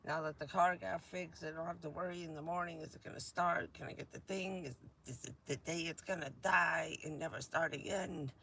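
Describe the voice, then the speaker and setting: Gravelly, chatty woman live-streaming. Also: low-pitched, fairly even intonation, a little fast, few pauses, bright, forceful tone, slight background noise. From New Jersey. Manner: rambling, chatty, laughs often. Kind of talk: casual live-stream chat.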